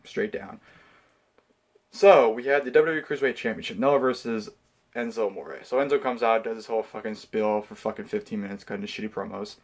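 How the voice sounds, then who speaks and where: A man giving a casual, heated review of a wrestling show, swearing often and filling pauses with ums. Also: lowish voice. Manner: profane, heated ranting; frequent filler words and restarts. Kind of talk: casual pay-per-view review.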